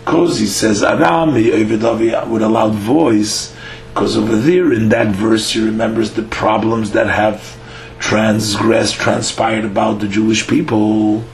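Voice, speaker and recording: A man teaching a daily Talmud lesson. He reads a phrase of the text, translates it, and explains it in a halting way with many "uh" fillers. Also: on the low side, steady tone, vocal fry, echoey room, soft background music, poor audio. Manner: reads Hebrew-Aramaic phrases, then translates them.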